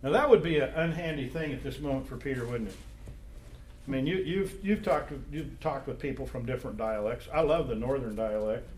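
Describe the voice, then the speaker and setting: This man runs an informal Bible class, asking the group questions in a chatty manner. He speaks fairly quickly in a mid-range, slightly mellow voice, captured in an echoey room with slight background noise.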